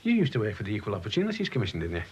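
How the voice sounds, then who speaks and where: An actor playing a factory worker who speaks in a teasing, patronizing way. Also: male voice, on the low side, huge pitch swings, rapid-fire, a little mellow, husky, dull audio, full character voice. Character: shop-floor worker man, wry and skeptical. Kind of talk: TV drama acting.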